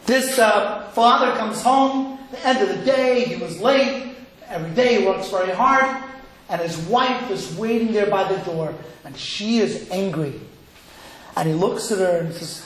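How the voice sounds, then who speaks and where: A man's voice: high voice, normal speed, heavy reverb, poor audio. A man from Cleveland, Ohio, giving a sermon as a rabbi, telling stories and acting out the people in them. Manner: animated storytelling, acting out quoted voices.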